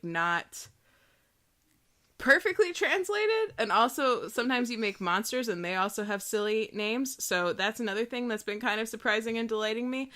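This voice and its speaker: A woman's voice: mid-range voice, fairly bright tone. A woman co-hosting a podcast, chatting casually, rambling and giggling as she reads aloud. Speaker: podcast co-host. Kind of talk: casual chat.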